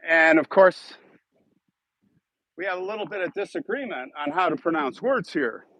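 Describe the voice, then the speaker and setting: Talking in a little high voice at normal speed, this YouTube live-stream host from Chicago chats and rambles with viewers, thanking donors as he goes. His delivery is lively, pushed and bright, with no room sound but poor audio quality.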